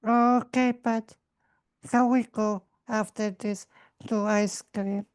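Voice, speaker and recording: A woman, an English speaker, playing a character in a tabletop game with halting, simple phrasing. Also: medium pitch, fairly even intonation, a little mellow, clean tone. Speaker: player.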